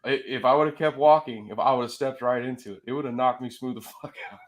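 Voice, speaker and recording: Guy telling a wild story, cussing, laughing, loud then quiet, mid-pitched voice. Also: fast talker. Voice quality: animated, laughs between phrases, swings loud and soft. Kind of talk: casual storytelling, swearing freely.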